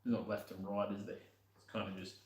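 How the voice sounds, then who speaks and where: A man's voice: on the low side, little pitch movement, brisk, echoey room, heavy background noise. A young man casually talking while working on his motorbike, rambling and muttering to himself with the odd swear.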